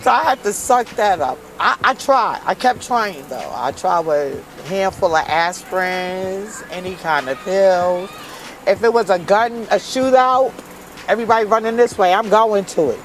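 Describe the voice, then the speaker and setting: With slight background noise and low-quality recording, a woman with a mid-range voice speaks at normal speed. She's a Brooklyn-born interview guest recounting her hard life frankly and emotionally in blunt street speech.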